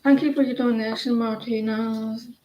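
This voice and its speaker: On a lo-fi recording with a little hiss or hum and a roomy echo, a tarot card reader with a high-leaning, fairly even voice speaks at a moderate pace. Blunt and rambling, she reads cards casually on a live stream while chatting with viewers.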